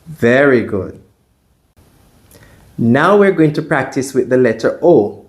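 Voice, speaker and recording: A male Mandarin teacher speaks at a very slow, measured pace, leaving long pauses as he walks through the tones one by one. His voice sits at an ordinary middle pitch, and he models each sound carefully. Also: expressive. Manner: deliberate, models tones out loud. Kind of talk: slow, careful pronunciation lesson.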